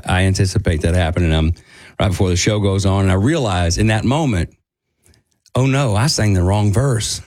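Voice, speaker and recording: A middle-aged man, a country singer guesting on a radio show, telling a story casually and acting out the people he quotes. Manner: animated, acts out quotes in a higher voice.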